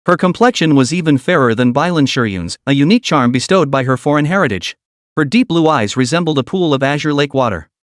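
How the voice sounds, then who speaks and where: A man reading a scripted story recap as narrator, keeping an even storytelling read. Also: a little high, fast talker, no echo, studio quality.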